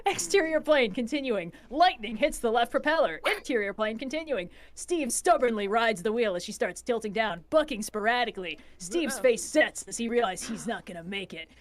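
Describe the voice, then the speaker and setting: A woman with a slightly high voice reads stage directions aloud on a stream. She moves briskly through the action lines and breaks off now and then for wry, snarky asides. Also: animated. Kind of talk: casual screenplay read-aloud.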